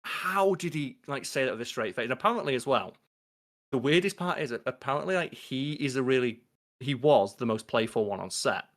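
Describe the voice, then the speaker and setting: A man co-hosting a podcast in casual chat, animated and swearing freely as he acts out quoted lines. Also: mid-range voice, fairly quick. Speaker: podcast co-host.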